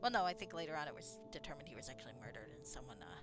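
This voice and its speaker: A woman's voice: rumbling low, lively intonation, rapid-fire, over music. A woman streaming a video game, talking in a rambling, chatty way, swearing casually and laughing often. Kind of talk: casual rambling commentary while playing.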